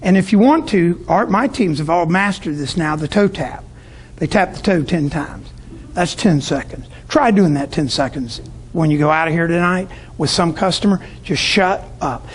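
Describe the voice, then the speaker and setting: A man's voice: fairly high pitch, expressive, normal speed, slight background noise. A middle-aged man from Tampa, Florida, speaking to business owners in a storytelling sales talk and acting out his customers' voices. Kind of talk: sales talk to a live audience.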